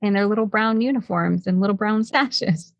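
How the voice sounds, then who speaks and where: A woman hosting a casual podcast chat, telling stories with animated chattiness and frequent filler "like"s. Her voice sits at a middling pitch for a woman. The recording is close and dry, with no room sound. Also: normal speed, creaky, no room sound. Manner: chatty, animated storytelling with many "like"s. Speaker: podcast host.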